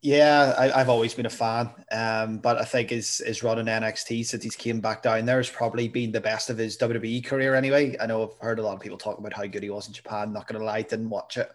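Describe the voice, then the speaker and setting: A man co-hosting a podcast, chatting casually in a measured way that hedges his views. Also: fairly low pitch, steady tone. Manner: measured, hedging with "I suppose" and "kinda". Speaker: podcast co-host. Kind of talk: casual chat.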